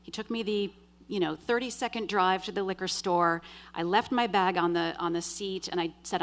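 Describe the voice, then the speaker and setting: A woman with a mid-pitched voice recounts a true story live on stage. She tells it with dry, wry humor and acts out the dialogue in a lively way. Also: normal speed. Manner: vivid, animated retelling with quoted dialogue. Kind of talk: live first-person storytelling.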